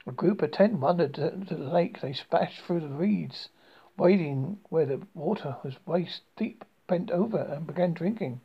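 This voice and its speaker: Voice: medium pitch, normal speed, gravelly, slightly rough, dull audio. A narrator reading a first-person story aloud in an amateur style, with frequent stumbles and restarts.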